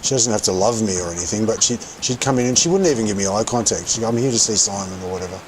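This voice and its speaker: A man's voice: fairly low pitch, lively intonation, rapid-fire, slight background noise, rough recording. A man casually telling a rambling anecdote while playing a game, often correcting himself as he goes. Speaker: streamer telling stories while gaming.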